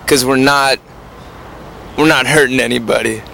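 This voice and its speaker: Young male musician, bright tone, deadpan and hesitant, faint street noise around him. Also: medium pitch, vocal fry. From New York. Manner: dry, halting, deadpan humor. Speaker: band member. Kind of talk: casual interview chat.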